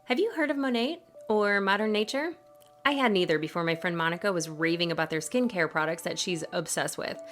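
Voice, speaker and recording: A woman with a lowish, fairly bright voice hosts a podcast interview in a casual, chatty way. Friendly and upbeat, she offers quick affirmations and reads her own sponsor spot.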